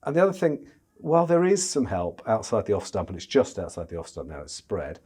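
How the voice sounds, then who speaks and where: Animated, stammering male cricket pundit. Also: fairly low pitch, a little fast, slightly rough. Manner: stammering restarts, animated and chatty. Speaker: chief cricket correspondent. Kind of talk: casual podcast discussion.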